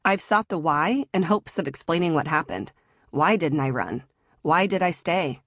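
A woman in her thirties narrating her own memoir audiobook in a measured, earnest way. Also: low voice, lively intonation, a bit bright, no echo, clean studio sound.

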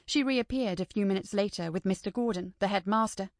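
A woman's voice: medium pitch, brisk, no echo. Woman narrating an audiobook, dry and close. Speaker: audiobook reader. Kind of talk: scripted narration.

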